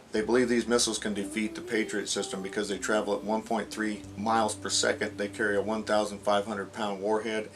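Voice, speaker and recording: Low-voiced man rambling earnestly. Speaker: religious video blogger. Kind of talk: casual dream retelling to camera.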